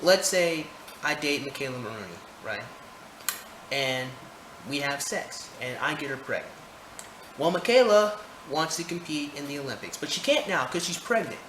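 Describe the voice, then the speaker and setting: A man's voice: fairly high pitch, lively intonation, moderate pace, a bit bright. A man ranting his opinions to camera, heated, profane and rambling, recorded indoors. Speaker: vlogger. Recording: roomy echo, faint background noise.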